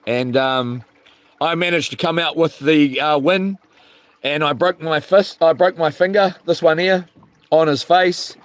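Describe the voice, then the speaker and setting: Animated rambling man. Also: on the high side, measured pace, no room sound. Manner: rambling, animated, acts out quotes and sound effects. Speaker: vlogger. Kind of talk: casual storytelling.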